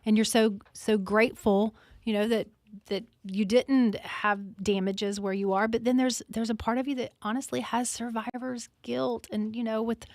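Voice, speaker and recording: A woman's voice: a little high, fairly even intonation, moderate pace, a little mellow, no echo. A woman hosting a live radio fundraiser from a studio, talking earnestly and repeating words for emphasis. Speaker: radio host.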